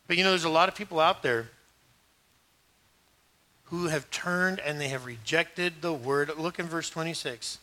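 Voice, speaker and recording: Bright, animated preaching man. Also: on the high side, moderate pace, pauses often. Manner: animated preaching, acting out Bible scenes with voices. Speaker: pastor. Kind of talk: sermon.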